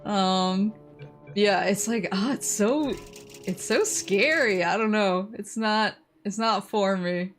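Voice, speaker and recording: A young woman rambles through anecdotes while streaming a game, breaking into frequent laughter. Her voice sits at an ordinary, middle pitch, with faint game music playing underneath. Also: takes it slowly. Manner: rambling storytelling, laughs often. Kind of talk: casual game-stream chat.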